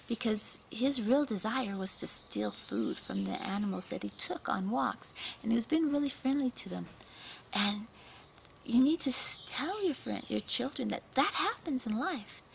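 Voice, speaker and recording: Woman doing a kids book review, dramatic retelling, gasps and whispers, a bit of vocal fry. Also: on the high side, lively intonation, a little slow, a little hiss or hum, low-quality recording. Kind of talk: casual children's book review.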